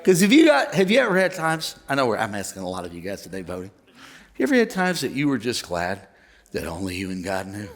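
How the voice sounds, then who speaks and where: A male pastor preaching a sermon to his church, animated, joking and conversational. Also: fairly low pitch, fast. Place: church auditorium.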